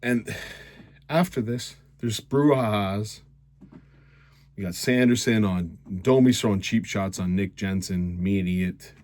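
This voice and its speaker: A man's voice: on the low side, a little slow, darkish tone, no echo. A man hosting a casual hockey recap, ranting in a sarcastic, rambling way. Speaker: host.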